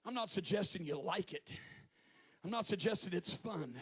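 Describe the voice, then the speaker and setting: A man in his fifties preaching a sermon as a guest preacher at a church service, telling stories with joking asides and rising to shouted peaks. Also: high voice, animated, normal speed, breathy edge. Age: 50s.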